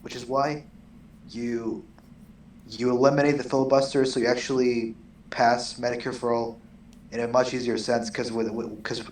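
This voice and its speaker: A man's voice: medium pitch, little pitch movement, normal speed. A man co-hosting a casual podcast, talking hesitantly with lots of fillers and the odd swear word. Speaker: co-host. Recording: echoey distant mic with faint background noise.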